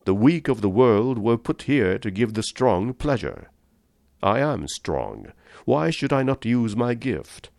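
A man's voice: medium pitch, sing-song, takes it slowly, creaky, darkish tone, dry recording, studio quality, voice pushed up, full character voice. A man voicing a suave, cold-blooded general. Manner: polished, amused, condescending.

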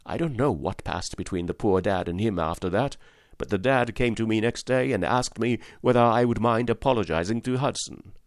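This scripted audiobook narration of a classic story comes from a man with a fairly low voice. His storytelling is measured and even, and the clean studio recording has no echo.

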